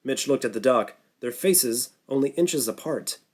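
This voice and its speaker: A man reading an audiobook thriller in steady scripted narration. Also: mid-range voice, a little slow.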